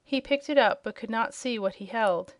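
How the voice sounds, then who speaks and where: A woman narrating a children's audiobook chapter in a clear, steady storytelling voice. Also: on the high side, normal speed, dry recording, clean studio sound.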